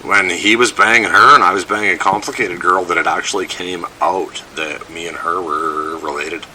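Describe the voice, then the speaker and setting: A man's voice: deep voice, fairly even intonation, normal speed, pushed and bright, slight background noise, low-quality recording. Crude storytelling man with a Northern English accent. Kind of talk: casual chat.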